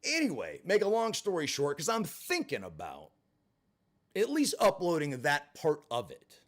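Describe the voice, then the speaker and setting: Speaking at an ordinary pace in a slightly high voice, he shares a personal tale on his vlog. The telling is lively and expressive, peppered with swearing and sarcastic side comments.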